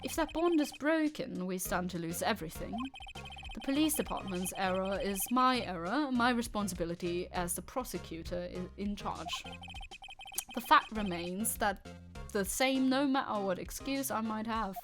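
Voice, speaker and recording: A woman voicing a reserved young male prosecutor in a put-on British accent, reading his lines in a measured, formal way. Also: medium pitch, expressive, music in the background, lightly acted. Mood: stiff, formal.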